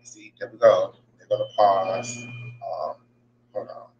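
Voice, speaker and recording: A man's voice: sits low, slow pace, a little mellow, muffled recording, slight background noise. A man hosting a casual podcast from his workplace, venting in an exasperated, profane way and repeating himself. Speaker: podcast host. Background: faint buzzing ambience.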